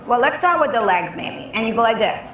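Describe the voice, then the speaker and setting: A woman's voice: fairly high pitch, sing-song, brisk, reverberant, very noisy. A woman in a playful comedy segment, sassy and teasing.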